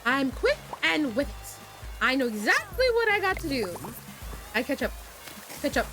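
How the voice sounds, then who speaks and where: A woman streamer with a high voice chats through her gameplay. She stammers and restarts her sentences, chaotic and playful. Game music plays clearly behind her. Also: big pitch swings, normal speed. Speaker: VTuber streamer. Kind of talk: casual gameplay commentary.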